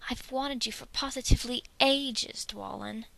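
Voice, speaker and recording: A woman's voice: on the high side, normal speed, creaky, a bit bright. A woman voicing a shy, nervous young male dwarf scribe in a storybook reading. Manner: nervous and eager.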